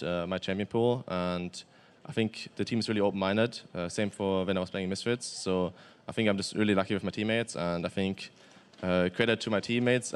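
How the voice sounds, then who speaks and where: Young german guy talking after a match, kinda low voice, real clean sound, lots of uh and restarts. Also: clear, resonant tone. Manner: quick, matter-of-fact answers with many fillers and restarts. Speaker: pro esports player, interview guest. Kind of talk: post-game interview.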